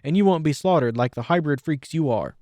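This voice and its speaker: A man's voice: on the high side, expressive, warm tone, no room sound. A man voicing a brash young male pegasus soldier on the run, talking cocky and defiant. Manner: cocky, defiant, quick-tongued.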